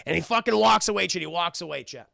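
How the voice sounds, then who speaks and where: A man streaming a casual film recap, animated and profane, constantly addressing his chat. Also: high-pitched, fast, vocal fry, no room sound, clean studio sound.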